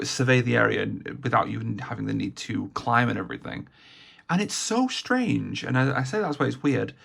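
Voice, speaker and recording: A man with a hoarse, raspy voice, chatting casually in a gaming vlog and rambling with many fillers. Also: mid-range voice, fairly bright tone. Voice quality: raspy, gravelly. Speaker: vlogger.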